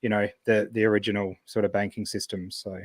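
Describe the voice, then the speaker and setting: A man's voice: on the low side, little pitch movement, brisk, dry recording. A man with an Australian accent in casual podcast chat, matter-of-fact. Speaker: podcast co-host.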